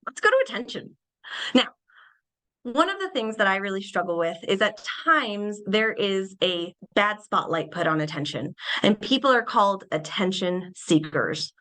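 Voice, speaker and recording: Bright-voiced woman giving a lively webinar talk. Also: mid-range voice, moderate pace, poor audio. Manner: animated, acts out little scenes in changed voices. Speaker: behavior analyst presenter. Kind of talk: webinar lecture.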